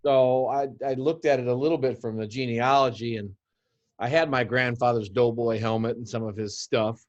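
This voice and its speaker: A man in casual chat, speaking calmly in brief replies. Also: mid-range voice, moderate pace. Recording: dull lo-fi audio.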